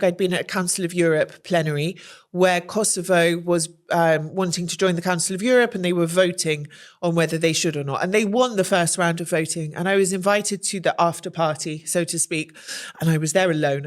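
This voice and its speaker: A woman speaking as a podcast guest, candid and animated, telling anecdotes and acting out quoted voices with gasps. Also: lowish voice, fairly quick. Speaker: guest, journalist and presenter.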